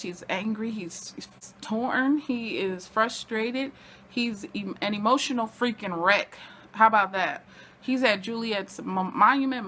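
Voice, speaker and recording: A woman giving a casual, excitable TV episode recap from home, chatting to her viewers as y'all. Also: medium pitch, slight background noise. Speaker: TV recap vlogger.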